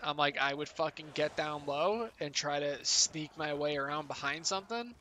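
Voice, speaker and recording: A man's voice: a little high, normal speed, pushed and bright, slight background noise. A young man streaming a game, chatting casually in a rambling, profane, incredulous way. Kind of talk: casual chat while gaming.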